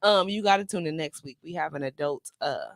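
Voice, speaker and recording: Animated middle-aged woman hosting a chat. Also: sits low, fairly quick, creaky, dry recording. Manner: animated, drawling, talks straight to viewers. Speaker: open mic host. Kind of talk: casual chat.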